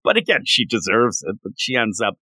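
A man's voice: fairly low pitch, very animated, a little fast, bright, forceful tone, slightly rough, dry recording. A man co-hosting a comic book podcast, recapping an issue in casual chat and acting out the characters' lines. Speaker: podcast co-host.

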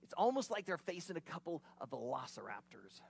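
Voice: medium pitch, big pitch swings, brisk, creaky, a little mellow, husky. A preacher giving an expository sermon, retelling the scene in a vivid, conversational way with casual asides.

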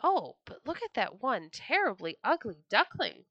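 A woman's voice: high-pitched, sing-song, measured pace, a bit bright, dry recording, highs cut off, pitched above the performer's own voice, exaggerated voice. A woman voicing a pert, rude little male duck in a storybook, cheeky and sneering.

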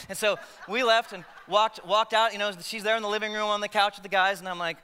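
Brief: male pastor, high-pitched and sharply forceful, chatty sermon with jokes, in a long-reverb hall. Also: fairly even intonation, fast talker, hardly any pauses, a little hiss or hum. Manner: conversational, joking asides to the congregation.

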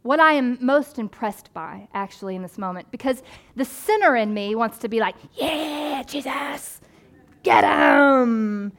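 This woman pastor's voice sits a little high, and she moves at a moderate pace through a conversational, animated sermon. Offhand asides pop up, and she plays up the people she describes with funny voices.

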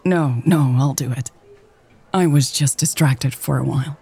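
Easygoing teasing woman, relaxed and amused, low mellow tone, read by a woman narrator. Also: unhurried, husky, exaggerated voice. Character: relaxed, good-humored grown woman who teases.

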